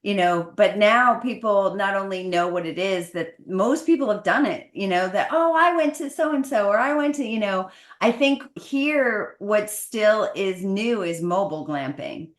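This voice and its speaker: A woman's voice: mid-range voice, measured pace, few pauses. An American woman, a guest talking casually and at length, full of fillers and laughs. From United States. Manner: talkative, many fillers, laughs often. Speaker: guest, glamping business owner. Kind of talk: casual interview. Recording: roomy echo.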